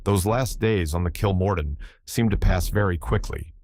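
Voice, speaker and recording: A man narrating a novel in the first person, in a measured storytelling manner. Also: sits low, a little mellow, a little hiss or hum. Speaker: audiobook narrator.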